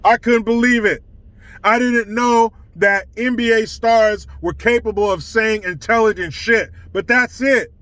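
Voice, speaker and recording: High-pitched, profane ranting man. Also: fairly even intonation, a little slow, fairly bright tone, no echo. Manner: blunt, profane, scornful. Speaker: political commentary channel host. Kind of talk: ranting commentary.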